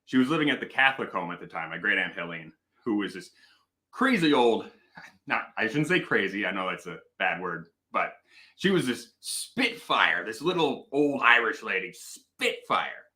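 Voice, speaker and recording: A man's voice: lowish voice, sing-song, moderate pace, pushed and bright. A man hosting a casual live stream, playful and rambling, telling stories in a mock-serious way. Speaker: host.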